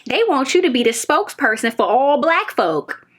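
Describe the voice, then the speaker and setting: Young woman, TV review vlogger, fairly high voice, emphatic, repeats herself, casual chat to viewers. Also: big pitch swings, normal speed, a bit bright. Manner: emphatic, repeats phrases, talks straight to viewers.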